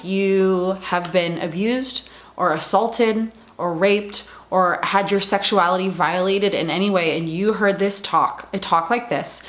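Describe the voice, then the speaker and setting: A woman's voice: mid-range voice, roomy sound. A woman speaking earnestly to camera as a vlogger, heartfelt and apologetic, with frequent fillers like "like" and "um".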